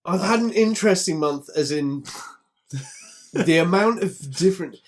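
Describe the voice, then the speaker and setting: A man's voice: high voice, expressive, normal speed. A man co-hosting a casual podcast chat with a grumbling, self-deprecating streak. He swears freely and talks in a loose, everyday way. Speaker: podcast co-host.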